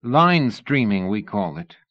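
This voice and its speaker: A man's voice: on the low side, animated, takes it slowly, no room sound. A man reading an audiobook, voicing an eager young male mechanic in a dull lo-fi recording.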